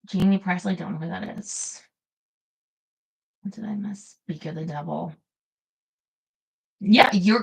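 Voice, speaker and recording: A young woman is live streaming, chatting casually with her viewers in a mid-range voice. She giggles often and reads their comments out loud, and the recording is rough.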